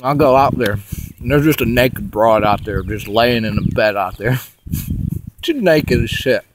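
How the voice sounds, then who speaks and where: Man, casual monologue, profane, rambling, laughs a lot, middle pitch. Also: animated, a little slow, background noise. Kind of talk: casual monologue retelling a dream.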